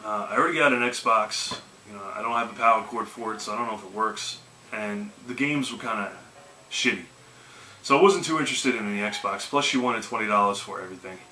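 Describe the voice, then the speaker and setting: A man's voice: fairly low pitch, a little fast, pushed and bright, a little hiss or hum. A man casually telling yard-sale stories in a laid-back, rambling way. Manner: laid-back, lots of "you know" and "man". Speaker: video game collecting vlogger. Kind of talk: casual storytelling. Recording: echoey room with faint music.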